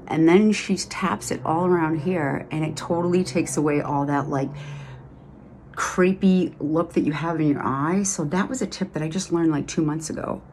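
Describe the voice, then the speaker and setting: A woman's voice: deep voice, moderate pace, a little mellow, slight background noise. A middle-aged woman with a Boston accent, chatting enthusiastically through a casual makeup tutorial with lots of fillers. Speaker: beauty vlogger.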